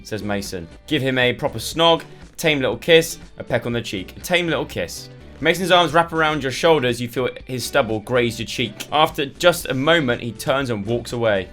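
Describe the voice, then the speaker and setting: A young man with a lively, rising-and-falling voice reads a story game aloud and drops in chatty, playful asides. His voice sounds a little strained from shouting earlier. Faint music plays in the background. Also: mid-range voice, fairly quick. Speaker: gaming YouTuber.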